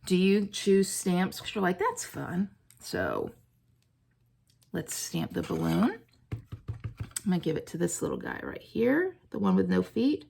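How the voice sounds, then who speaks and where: A woman's voice: fairly low pitch, huge pitch swings, measured pace, creaky, pauses often, a little mellow, a little hiss or hum. A woman hosting a casual stamping tutorial, chatting to viewers in a self-deprecating way while she colors. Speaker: crafting video host.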